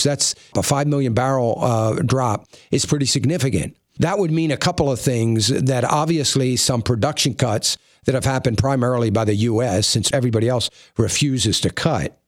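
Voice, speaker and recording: Measured male financial commentator. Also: medium pitch, dry recording, studio quality. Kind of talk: market commentary segment.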